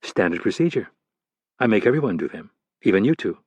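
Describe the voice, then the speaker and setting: A man's voice: lowish voice, big pitch swings, a little fast, a little mellow, no room sound. A man voicing a composed woman spy chief. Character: woman, middle-aged intelligence chief, calm.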